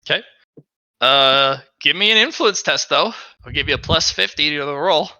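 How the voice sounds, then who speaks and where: A man's voice: on the high side, expressive, moderate pace, sharp tone, no room sound. A man running a tabletop game as game master, explaining rules and dice rolls and adding little sound effects.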